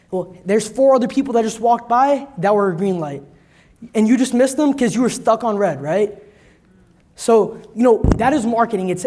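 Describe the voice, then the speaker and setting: A man, a company president, giving a motivational sales talk at a conference, asking the crowd "right?" and acting out customers' lines. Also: very high voice. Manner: energetic, addresses crowd directly, acts out customers' lines; frequent "right?" tags and repeated words. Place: conference stage.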